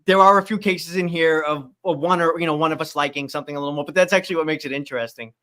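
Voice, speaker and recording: Male guest, slightly high voice, relaxed casual reviewer. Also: rapid-fire. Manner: easygoing, laughs along. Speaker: podcast guest.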